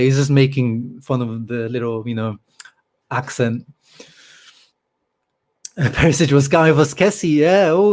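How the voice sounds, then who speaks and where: A man's voice: mid-range voice, darkish tone. A man hosting a casual live stream about football, chatting loosely with lots of fillers and reading out viewer comments. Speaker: channel host on a live stream.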